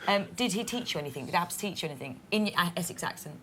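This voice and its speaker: A woman on a studio panel reading out viewer questions, quick and giggly. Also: on the low side, animated, fairly bright tone. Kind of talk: studio chat. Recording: background noise.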